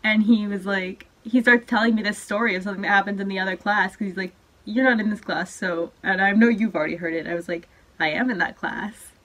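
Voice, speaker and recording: A woman's voice: mid-range voice, fairly even intonation, fast talker, a bit bright. Young woman host, giggly, chatty storyteller. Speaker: channel host. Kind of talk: casual chat.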